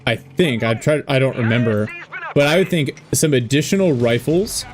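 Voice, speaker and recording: A man casting a strategy game replay in a relaxed way, thinking aloud with fillers and joking about himself. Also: mid-range voice, normal speed. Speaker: game caster. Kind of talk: casual esports commentary over a replay. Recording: game battle sounds with gunfire and artillery behind.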